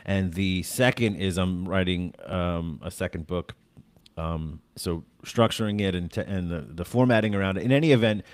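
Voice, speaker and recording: A middle-aged man talking casually, halting with many fillers and restarts. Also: deep voice, no echo. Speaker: stand-up comedian, podcast guest. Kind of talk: casual conversation.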